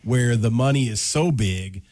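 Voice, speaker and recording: A man's voice: mid-range voice, a little slow, darkish tone. A man co-hosting a sports radio show, chatting casually in an agreeable, emphatic way. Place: radio studio.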